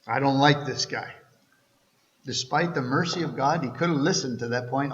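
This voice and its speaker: Earnest preacher in an echoey church. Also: male voice, fairly high pitch, normal speed, a bit bright. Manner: earnest, conversational preaching with restarts. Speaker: pastor. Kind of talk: sermon. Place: church sanctuary. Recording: echoey church hall, slightly dull.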